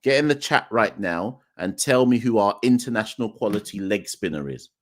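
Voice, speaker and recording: A man's voice: on the low side, lively intonation, normal speed. A man hosting a live cricket podcast, talking emphatically, repeating his points and speaking straight to the chat. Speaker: podcast host. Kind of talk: live-streamed call-in commentary.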